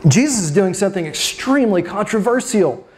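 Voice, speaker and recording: A preacher delivering a sermon with expressive, slow dramatic emphasis and rhetorical questions. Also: medium pitch.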